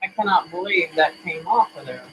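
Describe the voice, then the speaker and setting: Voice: mid-range voice, brisk, background noise. A homesteading vlogger chatting casually to camera in a home kitchen, folksy and rambling, with many fillers.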